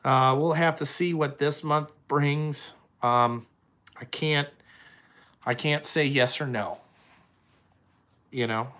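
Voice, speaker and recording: A young man rambles through a casual live stream and swears freely as he answers viewers. His speaking voice sits a little high for a man. The talk is loose and conversational. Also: steady tone, takes it slowly, long pauses, a bit bright. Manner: profane, rambling, answers chat questions. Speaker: trucking company owner streaming live.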